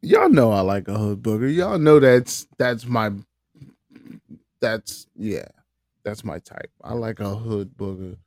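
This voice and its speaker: A man's voice: fairly low pitch, very animated, takes it slowly, a little mellow, no echo, clean studio sound. A man co-hosting a casual podcast, joking and laid-back, often trailing off mid-sentence. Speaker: podcast co-host.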